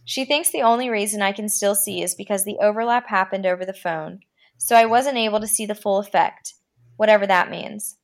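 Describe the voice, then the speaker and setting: A woman hosting a podcast reads a horror story aloud in a medium-pitched voice. Her delivery is dramatic, slowing down whenever the lines turn creepy.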